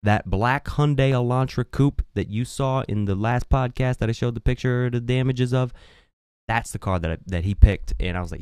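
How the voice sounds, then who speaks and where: A young man hosting a podcast, telling a casual story in an animated way, with swearing. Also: brisk, smooth, dry recording, studio quality. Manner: animated, swearing, swinging pitch. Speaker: podcast host. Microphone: podcast microphone.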